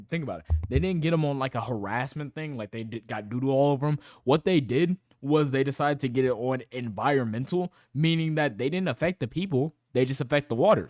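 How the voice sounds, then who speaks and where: A young male streamer reacts in loose, profane rambling that keeps doubling back on itself. His voice sits at a middle pitch and sounds close and dry, with no room around it. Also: expressive, fast talker, hardly any pauses, a little mellow, dry recording. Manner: rambling, profane, self-correcting. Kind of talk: casual reaction commentary.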